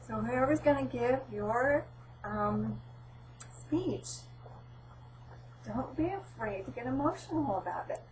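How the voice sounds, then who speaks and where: Middle-aged woman presenter, lively storyteller who acts out dialogue; recorded from a distance in a room. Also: fairly high pitch, slow, long pauses, a little hiss or hum. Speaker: presenter at a training session. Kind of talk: informal training talk with personal story.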